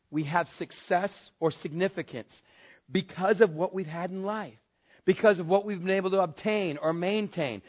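High-voiced husky male preacher. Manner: emphatic, conversational, animated storytelling. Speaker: pastor. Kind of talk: sermon. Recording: dull lo-fi sermon recording.

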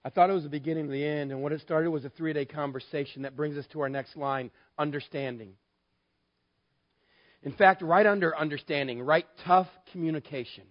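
A middle-aged man from West Texas, a pastor preaching and telling a story with animated acting out of both sides. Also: on the high side, brisk, highs cut off. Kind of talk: sermon.

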